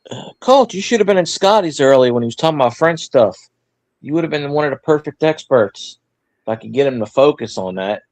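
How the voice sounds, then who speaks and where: Gravelly, joking man on a call. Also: on the high side, expressive, a little fast, a little mellow, no room sound. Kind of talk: casual livestream chat.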